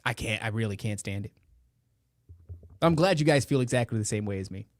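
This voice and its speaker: A male podcast host runs a casual live show, ranting with profane, sarcastic jokes in a lowish, lively voice at a slightly fast pace. He wears headphones and speaks into a close studio mic in an indoor room beside a meeting room, with no room sound.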